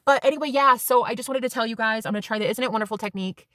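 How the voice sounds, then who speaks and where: A woman's voice: on the high side, rapid-fire, a bit bright, no room sound. Chatty woman in her thirties, dry sound. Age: 30s. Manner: rambling, chatty, swears freely. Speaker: spiritual vlogger. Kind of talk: casual storytelling vlog.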